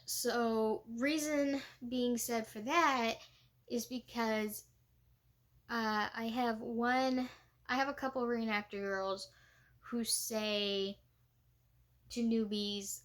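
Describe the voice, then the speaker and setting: A woman's voice: a little high, fairly even intonation, slow, pauses often. A young woman reenactor talking in a casual, chatty way, with many fillers and laughs. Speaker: living history reenactor. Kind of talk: casual vlog talk.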